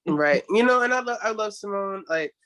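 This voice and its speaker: A man from New Jersey, a guest in a casual chat, breezy and quick to laugh. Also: high voice, expressive, a bit bright. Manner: breezy, laughs often, says "you know what I mean".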